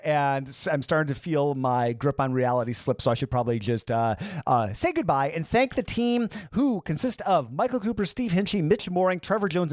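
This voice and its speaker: Man, podcast host, chatty rambling outro, animated pitch, dry close sound. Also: no echo. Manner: rambling, self-deprecating, chatty with laughs. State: fast-talking, over-caffeinated. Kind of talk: casual podcast outro monologue.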